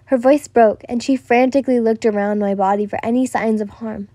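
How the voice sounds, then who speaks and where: A woman's voice: on the high side, steady tone, fairly quick, dark tone, dry recording. A young woman narrating a first-person listener story, stumbling and restarting now and then. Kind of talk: reading a listener-insert story.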